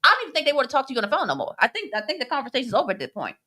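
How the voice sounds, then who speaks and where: Lively laughing woman podcast host. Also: high voice, very fast. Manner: laughing, animated, acts out quoted voices. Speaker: podcast co-host reading live chat. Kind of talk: casual chat.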